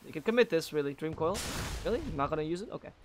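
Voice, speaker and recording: A man's voice: a little high, animated, racing, background noise. A man casting a video game match solo, opinionated and critical, often correcting himself and drifting into small rants. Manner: frequent self-corrections and repeated words. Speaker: esports caster. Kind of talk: solo play-by-play commentary.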